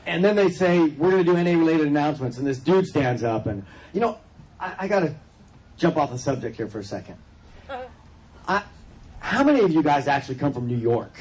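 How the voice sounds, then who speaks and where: A man's voice: on the high side, animated, a little fast, a little mellow, low-quality recording. A man from California speaking at a recovery convention, telling his personal story in a loose, joking way with asides to the audience. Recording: crowd and noise behind. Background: audience laughter and room noise.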